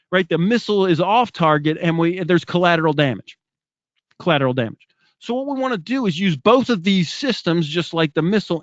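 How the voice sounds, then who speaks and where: Middle-aged male speaker, high voice, lively motivational teaching, dry and muffled recording. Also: no echo. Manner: rhetorical questions, animated. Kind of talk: motivational talk.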